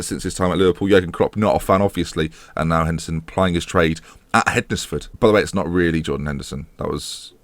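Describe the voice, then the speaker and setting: A man's voice: fairly low pitch, no echo, clean studio sound. A man giving casual, sarcastic let's-play commentary, slipping into mock match-commentator patter. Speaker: gaming YouTuber.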